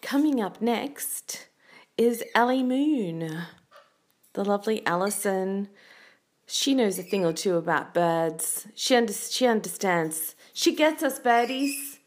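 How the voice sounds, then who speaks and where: A woman's voice: mid-range voice, lively intonation, slow pace. A woman hosting a casual call-in voice-message show, chatty and playful, rambling between her callers. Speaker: host.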